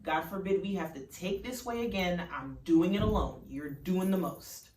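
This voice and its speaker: A woman's voice: lowish voice, moderate pace, a little mellow, a little hiss or hum, lightly acted. A woman voicing a blunt, dismissive young woman friend who talks curtly. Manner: curt, exasperated. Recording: roomy, distant mic.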